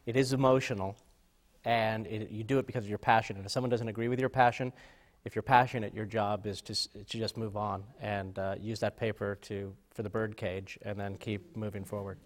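A man's voice: on the low side, fairly even intonation, fairly quick. A man, a Broadway producer, talking reflectively in a panel discussion.

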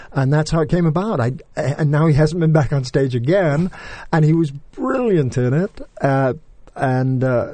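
A man's voice: mid-range voice, darkish tone. An older man, an actor, telling stories in a casual interview, rambling with many restarts and fillers. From England. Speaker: actor guest.

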